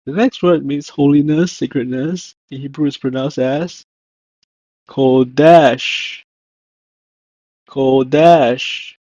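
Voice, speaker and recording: A man teaching vocabulary in a slow, measured way, saying each word and then repeating it. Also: fairly high pitch, mellow, no echo, dull audio. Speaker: language teacher.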